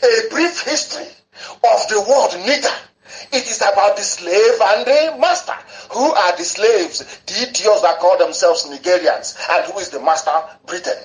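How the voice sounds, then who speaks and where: A man's voice: high-pitched, moderate pace, reverberant, rough recording. A man broadcasting an impassioned political talk on the radio, fervent, and he spells words out letter by letter.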